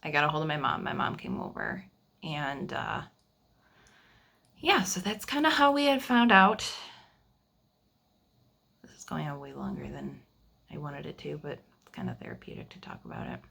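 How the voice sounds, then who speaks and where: A woman in her thirties recording a personal video diary at home, speaking in an emotional, halting way and often repeating phrases. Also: low-pitched, huge pitch swings, gravelly, a bit bright, husky. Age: 30s. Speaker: vlogger sharing family news.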